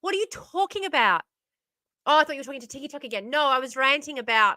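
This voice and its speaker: A woman's voice: high-pitched, expressive, quick pace, pushed and bright, no echo, studio quality. A woman hosting a stream, ranting in exasperation and swearing as she reacts to the news. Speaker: streamer host.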